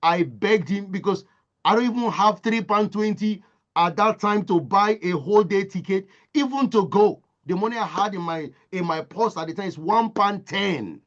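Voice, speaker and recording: A man's voice: high voice, moderate pace, a bit bright, lo-fi sound. A man from Nigeria, giving a motivational talk as impassioned storytelling with emphatic repetition. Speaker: motivational speaker.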